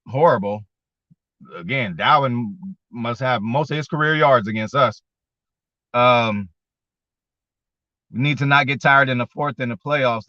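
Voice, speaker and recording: A man's voice: medium pitch, bright, forceful tone, dry recording. A man hosting a casual sports fan show, talking with viewers in a slangy, profane way and getting worked up as he goes. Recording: dull lo-fi.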